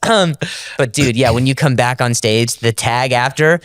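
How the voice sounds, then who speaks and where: A man's voice: mid-range voice, normal speed, a bit bright, no echo, clean studio sound. A man in casual comedic chat who stutters now and then and slips into playful voices and impressions. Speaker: comedian guest.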